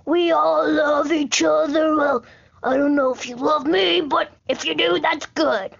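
A woman's voice: sits high, fairly even intonation, unhurried, vocal fry, dull audio, heavily acted. A woman playing a rambling, easily frightened male president in a homemade comedy skit. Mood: friendly.

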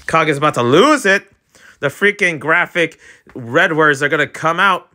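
Man, sick with a cough, casual slangy reactions, bouncy pitch, bright voice. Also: measured pace. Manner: jokey, slangy, animated asides. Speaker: webcomic reader and reactor. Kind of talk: casual read-along with reactions.

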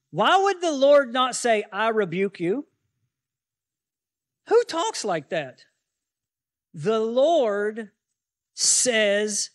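A man's voice: sits high, sing-song, drawn-out words, pauses often, no echo, studio quality. A male pastor preaching a sermon, teaching from scripture with many rhetorical questions to the congregation.

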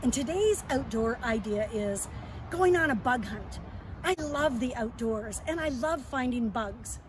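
A woman leading an outdoor lesson for young children, talking gently in a sing-song way, as if to friends. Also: fairly high pitch, animated, measured pace, slight background noise. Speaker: early years educator. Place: outdoors in a yard and woods.

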